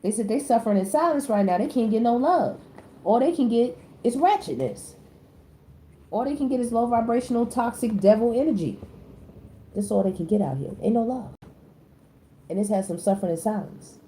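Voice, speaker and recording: Animated woman tarot reader, echoey room. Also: fairly quick. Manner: animated, swings from loud exclamations to low muttered asides; slangy, addresses the audience directly. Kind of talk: casual tarot reading to viewers. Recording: echoey room with faint background noise.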